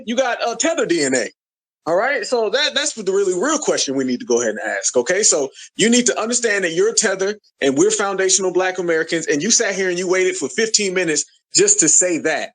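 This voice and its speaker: A man's voice: sits high, a bit bright. A man hosting an audio chat room, taunting and roasting a caller with slang. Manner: taunting, repeats slang like homie and family. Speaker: host.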